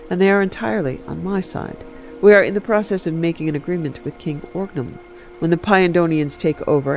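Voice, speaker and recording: A man's voice: fairly high pitch, darkish tone, natural voice. A man reading aloud and voicing an ambitious, scheming queen mother in a cool, cutting manner.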